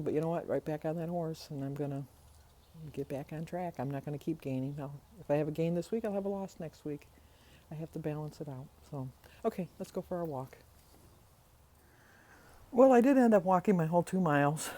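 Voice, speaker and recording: A woman's voice: low voice, mellow. An older woman, a grandmother, chatting casually in her daily vlog and telling stories with frequent laughs. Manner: chatty storytelling, laughs often. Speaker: vlogger.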